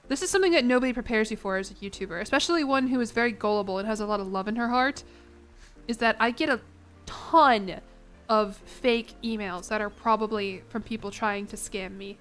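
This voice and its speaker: A woman's voice: on the high side, fairly quick, a bit bright, faint music behind. A young woman streaming a game, rambling and giggling as she chats with her viewers. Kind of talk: casual chat to a live chat.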